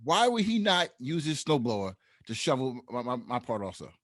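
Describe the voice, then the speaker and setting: A man's voice: mid-range voice, moderate pace, no room sound, clean studio sound. A man co-hosting a casual podcast, telling stories with frequent laughs and getting heated when annoyed. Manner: storytelling, laughs often, animated when annoyed. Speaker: podcast co-host.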